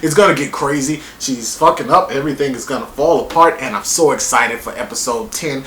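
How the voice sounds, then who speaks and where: A man giving a casual spoken TV review, excitable and profane, rambling from point to point. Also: medium pitch, brisk, reverberant, slight background noise, poor audio. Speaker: TV show reviewer.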